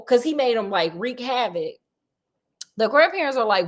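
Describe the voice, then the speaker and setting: A woman casually retelling a horror novel, animated and slangy, full of joking asides to her listener. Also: a little high, normal speed. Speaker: storyteller.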